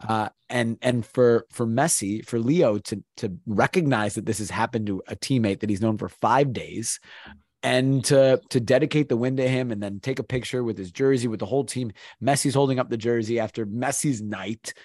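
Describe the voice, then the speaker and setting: A man's voice: mid-range voice, normal speed, a little mellow, no room sound, clean studio sound. A man, a sports play-by-play announcer, talking in a casual podcast chat, earnest and rambling, often restarting his sentences.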